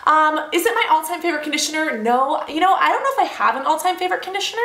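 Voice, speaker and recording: Young woman, casual beauty vlog, chatty, bright tone, roomy echo. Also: high-pitched, very fast. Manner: chatty, bubbly, lots of fillers and asides. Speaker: beauty vlogger. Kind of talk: casual product review vlog. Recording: roomy echoey home room.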